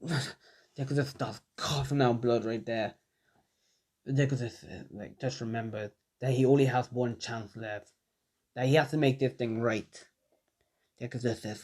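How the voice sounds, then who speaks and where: Young guy rambling through a fan story, lots of filler words, middle pitch. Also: steady tone, unhurried, darkish tone. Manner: rambling, many "like" and "just" fillers. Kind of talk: casual spoken fan fiction narration.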